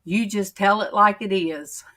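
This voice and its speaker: A woman chatting on her faith livestream, talking slowly and emotionally with many pauses and fillers. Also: mid-range voice, fairly even intonation, bright, forceful tone. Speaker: channel host on a faith livestream. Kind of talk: casual chat, reading viewer comments.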